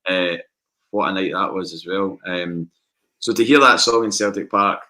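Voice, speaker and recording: A man with a Scottish accent telling lively anecdotes in a casual podcast chat. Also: low voice, normal speed. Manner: animated anecdotes with acted quotes. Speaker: podcast guest.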